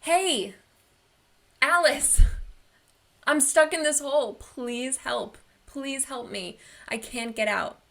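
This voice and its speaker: A woman voicing a desperate man stuck in a hole, pleading loudly for help in a told story. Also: high-pitched, takes it slowly, pauses often, voice pushed up, full character voice.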